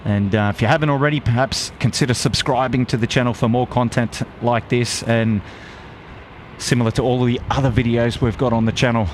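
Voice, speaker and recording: A man with an Australian accent hosting a live stream outdoors, reading out viewer shout-outs in a friendly, upbeat way. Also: medium pitch, fairly even intonation, a little fast, a little hiss or hum. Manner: upbeat, friendly, lots of "g'day, mate". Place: outdoors at an airport plane spotting spot.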